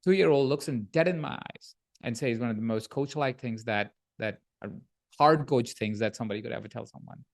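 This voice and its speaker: Male podcast guest, coach, mid-pitched, lively storyteller, leans on tag questions. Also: a little fast, vocal fry. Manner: animated storyteller, frequent "right?" tag questions. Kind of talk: podcast interview conversation.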